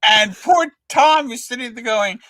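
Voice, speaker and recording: A man's voice: very high voice, expressive, a little slow, sharp tone, no room sound. An older man, a comics writer, telling a story as a guest and acting out the voices in the quotes. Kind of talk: animated anecdote telling.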